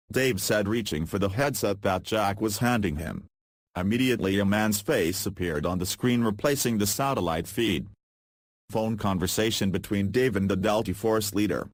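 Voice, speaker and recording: Deadpan low-voiced man reading a story. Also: moderate pace, no echo. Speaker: reader of fan fiction.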